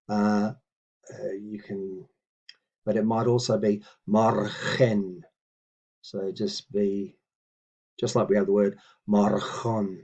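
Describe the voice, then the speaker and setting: A man teaching a language lesson in a relaxed, patient way, slowly reading out practice phrases between reassuring asides. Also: on the low side, slightly rough, dull audio.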